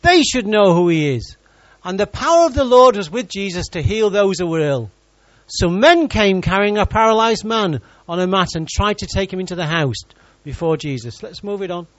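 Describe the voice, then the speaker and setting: A man's voice: sits high, expressive, normal speed, hardly any pauses, no echo, highs cut off. A man preaching a sermon in church, reading scripture and joking with the congregation.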